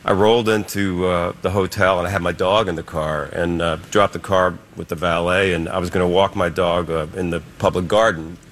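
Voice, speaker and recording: A man's voice: low voice, fairly even intonation, fairly quick, few pauses, a bit bright, a little hiss or hum. A man from Philadelphia telling an anecdote in a played interview clip, with many fillers and restarts. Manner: storytelling with hesitant fillers.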